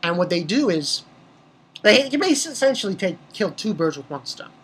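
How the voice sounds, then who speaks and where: A woman's voice: medium pitch, sing-song, normal speed, breathy edge. A woman giving a casual, rambling recap of an anime episode, swearing freely and restarting her sentences often. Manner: rambling and profane, with many restarts.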